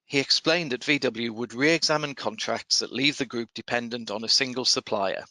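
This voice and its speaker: A man hosting a podcast, reading procurement news in a measured, dryly wry way and then interviewing a guest. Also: mid-range voice, sharp tone, dry recording, poor audio. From United Kingdom. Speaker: podcast host. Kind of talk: scripted news commentary and interview.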